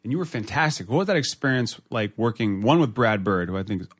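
Quick-talking, playful male host. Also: on the low side, expressive. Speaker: interview host. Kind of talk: casual interview chat.

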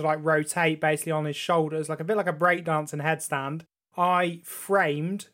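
Animated young man telling a story. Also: a little high. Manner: animated storytelling, swears freely. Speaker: podcast co-host. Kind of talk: casual chat.

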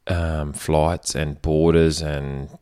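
Brief: male co-host, very deep voice, dry joking banter. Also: extremely slow, clean tone. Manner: joking, deadpan asides. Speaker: podcast co-host. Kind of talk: casual chat.

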